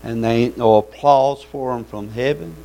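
Gravelly preacher, folksy and fervent. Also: male voice, medium pitch, normal speed, dark tone, poor audio. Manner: folksy, fervent, calls out amens. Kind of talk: sermon.

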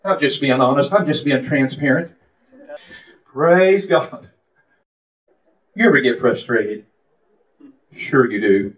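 A man's voice: medium pitch, lively intonation, slow pace, pauses often. A man preaching a sermon in a fervent, confessional way, calling out to members of his congregation. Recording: echoey, dull lo-fi room recording.

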